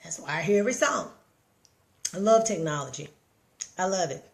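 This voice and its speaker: A woman's voice: lowish voice, animated, normal speed. A middle-aged woman hosting a live stream, giving casual motivational talk straight to her viewers, emphatic and repetitive, talking into her phone. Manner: preachy, emphatic, repeats herself, talks straight to viewers.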